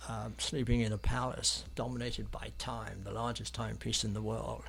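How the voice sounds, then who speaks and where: A man's voice: on the low side, level tone, moderate pace, creaky, a bit bright, slight background noise. An English man from London, an artist guest in an interview, telling stories in a rambling, hesitant way with many ums and restarts. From London, England. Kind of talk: anecdotal storytelling in an interview.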